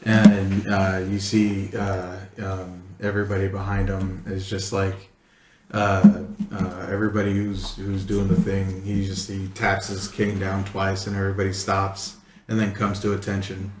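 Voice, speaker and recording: Slow, rambling game master man. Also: sits low, completely flat delivery. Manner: rambling, many fillers, laughs often. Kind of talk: narrating a tabletop game. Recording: roomy with faint noise.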